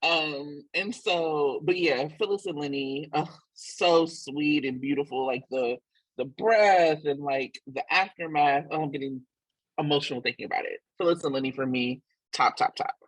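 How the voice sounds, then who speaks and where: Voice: mid-range voice, normal speed, no echo, rough recording. A podcast co-host in casual chat, effusive and repeating words for emphasis.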